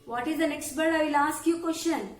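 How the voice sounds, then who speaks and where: A woman with an Indian English accent teaching young children a lesson in a slow, exaggerated storytelling manner. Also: sits high, reverberant.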